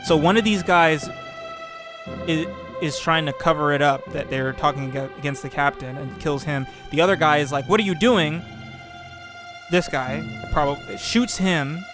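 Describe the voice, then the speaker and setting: Man thinking aloud over gameplay. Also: a little high. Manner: thinking aloud, rambling with fillers and restarts. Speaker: let's play host. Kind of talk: casual gameplay commentary. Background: background music.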